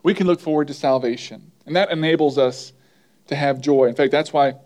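A man's voice: fairly high pitch, a little fast, darkish tone. A man preaching a sermon as pastor, conversational, asking the congregation questions and repeating key lines for emphasis. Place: church.

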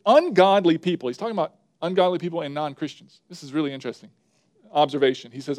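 Male preacher, slightly high voice, emphatic sermon delivery that builds through repetition. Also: a little mellow. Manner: emphatic, builds up repeated phrases; talks to the slide operator mid-sermon.

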